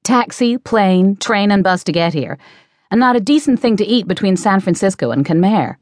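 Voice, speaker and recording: A woman's voice: mid-range voice, expressive, normal speed, darkish tone, no room sound, clean studio sound, lightly acted. A woman voicing a reserved young woman back home, answering in short, guarded replies.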